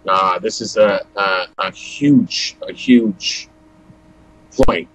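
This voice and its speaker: A man's voice: low-pitched, extremely slow, fairly bright tone, poor audio. A man telling his life story as a guest, acting out old conversations as he goes. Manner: acts out dialogue with "I go, he goes". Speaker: guest giving testimony. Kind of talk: storytelling testimony.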